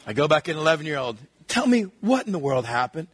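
A middle-aged male pastor giving a sermon, telling lively family stories and acting out his children's voices. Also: fairly high pitch, quick pace, few pauses, slightly rough, dry recording. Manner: animated storytelling, acts out his kids' voices.

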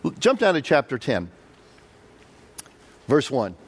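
A man preaching a conversational Bible-study sermon, quizzing the audience and voicing quotes with animated leaps. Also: slow pace, husky. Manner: animated, jumps up in pitch for quotes. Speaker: pastor. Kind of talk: sermon, verse-by-verse Bible teaching.

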